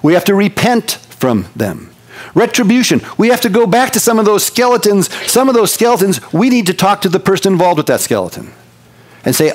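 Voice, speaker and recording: Male pastor, slightly higher voice, folksy, lively sermon delivery. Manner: animated, folksy, shifts between loud bursts and slow quiet emphasis.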